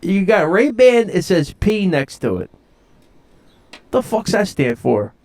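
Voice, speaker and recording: A man voicing a brash, foul-mouthed South Philly bar regular, gruff and swaggering. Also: sits high, very animated, slow pace, a little mellow, voice pushed up, exaggerated voice. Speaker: podcast co-host.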